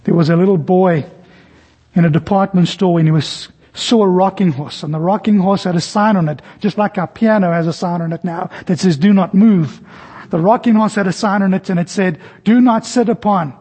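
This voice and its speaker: Husky high-voiced male preacher. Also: fairly even intonation, a little fast, a little mellow. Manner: storytelling, acts out voices in anecdotes. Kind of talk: sermon with illustrations.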